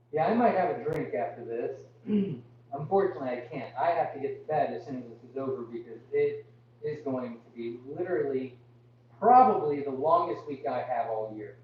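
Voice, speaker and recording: A young man hosting a live farm Q&A, reading viewer comments aloud and answering with apologies, straining his voice to talk louder. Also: mid-range voice. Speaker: farm livestream host. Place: indoors on a farm. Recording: muffled, distant, echoey, with hum.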